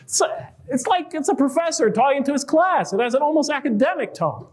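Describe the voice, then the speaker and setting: A man's voice: very high voice, lively intonation, brisk. A man giving a conversational public lecture to a live audience, asking rhetorical questions and reading quoted verses aloud.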